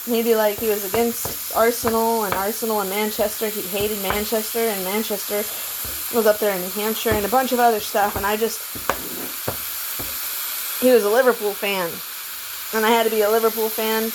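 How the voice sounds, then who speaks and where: A woman at an ordinary pitch talks through a personal story, circling back and repeating herself with plenty of swearing. The recording is noisy, with food sizzling in a pan behind her. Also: little pitch movement, fairly quick. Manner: meandering, repetitive, swears freely. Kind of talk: rambling personal monologue.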